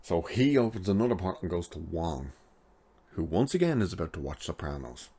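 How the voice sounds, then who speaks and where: Very deep-voiced man recapping an episode. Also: very animated, fairly quick, warm tone, slightly rough. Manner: rambling retelling, many filler "like"s. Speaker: TV episode reviewer.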